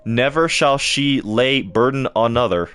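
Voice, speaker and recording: A man's voice: mid-range voice, fairly bright tone, clear, resonant tone, faint music behind, natural voice. A man reading as a mournful female knight. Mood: solemn. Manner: formal archaic phrasing, read aloud haltingly. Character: solemn female bug knight, archaic and mournful.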